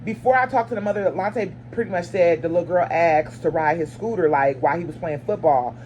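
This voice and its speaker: Animated woman telling a story. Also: fairly quick, slight background noise. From lives in Arizona. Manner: animated, acts out dialogue with sharp pitch jumps; blunt and chatty, talks straight to viewers. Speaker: storyteller and mother. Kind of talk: casual storytime to camera.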